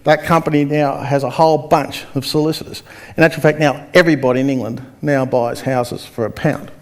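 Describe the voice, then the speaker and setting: A man's voice: fairly high pitch, fairly even intonation, fairly quick. A middle-aged Australian man giving a motivational seminar talk, telling stories with quoted dialogue and quizzing the audience. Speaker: seminar speaker.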